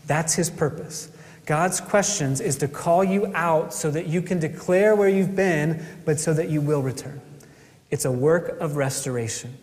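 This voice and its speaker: A man preaching a sermon as a pastor, earnest, asking rhetorical questions and pausing for effect. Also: on the high side, a little mellow, in a large hall.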